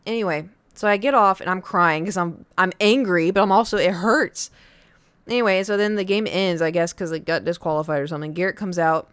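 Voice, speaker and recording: A young woman streaming from home and telling a long story to her chat in a casual, animated way. She jumps into a high voice whenever she quotes other people. The sound is close and dry, with no room around it. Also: a little fast, smooth, no room sound.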